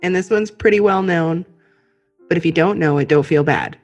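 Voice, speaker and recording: A woman's voice: lowish voice, normal speed, dull audio, faint music behind. A woman hosting a podcast, chatting casually and playfully with a friend, often laughing and saying "um". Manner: giggly, playful, lots of "um". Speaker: podcast host. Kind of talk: casual chat between friends.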